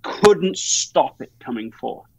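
A man's voice: on the high side, animated, slow, creaky, slightly rough, dry recording, poor audio. A man talking as a guest in a podcast interview, rambling through an anecdote with many restarts and fillers. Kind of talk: conversational interview.

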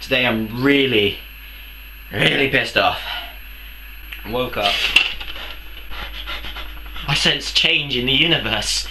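A young male vlogger rants angrily to camera in a comedic video, swearing and firing off rhetorical questions. His mid-range voice is slow with long pauses, and there is background noise.

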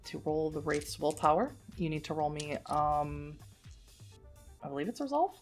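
A woman's voice: low voice, sing-song, normal speed, faint music behind. A woman running a tabletop game as game master, narrating events and explaining rules in a matter-of-fact way.

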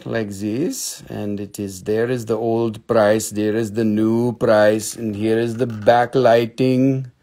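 A young man with a medium-pitched, slightly mellow voice hosts a live stream selling minerals. He jokes, teases and swears casually, now and then slipping into silly put-on voices.

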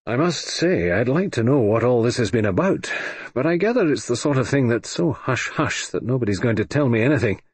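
A man's voice: medium pitch, animated, brisk, slightly rough, dry recording. A man voicing a kindly, talkative male doctor in an audiobook reading. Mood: genial. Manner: genial, talkative. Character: kindly chatty country doctor. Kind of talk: audiobook character voice.

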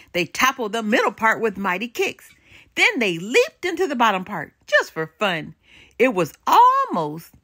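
An older woman reading a children's storybook aloud with expressive, animated storytelling and dramatic pauses. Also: medium pitch.

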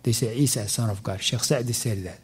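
A man teaching a mosque class on Quran commentary. He recites verses quickly in Arabic, translates them slowly, and repeats words as he searches for them. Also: mid-range voice, husky.

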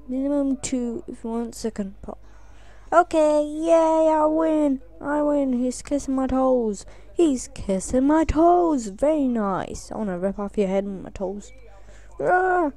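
A high-voiced woman talks over a game in a slow, drawn-out way, joking crudely and squealing whenever things go wrong. Her voice sits dry and close to the microphone. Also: lively intonation, warm tone, no echo. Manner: goofy, crude, yelps and squeals at in-game mishaps. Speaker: gameplay commentator. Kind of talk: let's play commentary.

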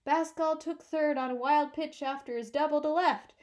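A woman reading aloud voices an old-time male radio baseball announcer with a nasal voice and brisk play-by-play patter. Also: high-pitched, fairly even intonation, a little mellow, pitched above the performer's own voice, lightly acted. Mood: excited.

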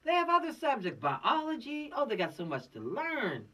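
Law class teacher lecturing, swoops all over, bright voice, slangy and preachy, kinda far from the mic. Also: mid-range voice, moderate pace. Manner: preachy, animated, streetwise slang. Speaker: law course instructor. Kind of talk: informal lecture.

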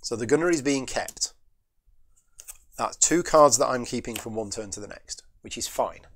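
A man's voice: medium pitch, normal speed, a bit bright. Man thinking aloud through a board game. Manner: muses aloud, questions and answers himself; chats with viewers between moves. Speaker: board game channel host.

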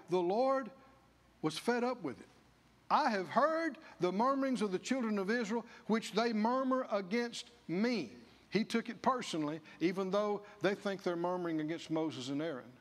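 A man's voice: sits high, lively intonation, moderate pace, in a large hall. A male pastor preaching a sermon, folksy, acting out the grumbling of the people. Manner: folksy, acts out the people's grumbling in character voices. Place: church.

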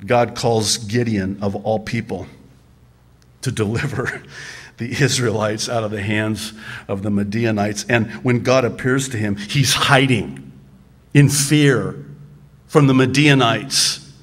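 A male pastor delivering a sermon at a slow, unhurried pace in a mid-range voice. He talks conversationally, with humorous asides, drawn-out pauses, and stammered restarts. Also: mid-range voice, fairly even intonation.

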